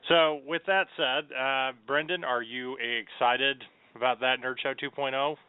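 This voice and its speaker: A man's voice: medium pitch, steady tone, measured pace, smooth, no echo. Chatty male host, tinny phone-like sound. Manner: upbeat, chatty, rambling with fillers. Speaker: podcast host. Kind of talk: casual radio show chat.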